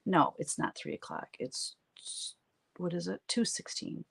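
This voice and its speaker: A woman with a low, deep speaking voice chats casually with her live viewers while she paints. She tells stories in a loose, chatty way and laughs often. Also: animated, measured pace, creaky, slightly rough. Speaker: artist hosting a live stream. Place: home art studio, standing at work.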